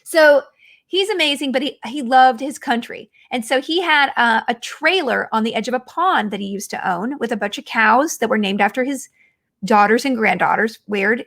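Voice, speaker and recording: A woman in her forties talks through a casual podcast chat in a bright, high voice. She rambles from story to story and pokes fun at herself along the way. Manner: chatty, self-mocking, rambling storyteller. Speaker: podcast host.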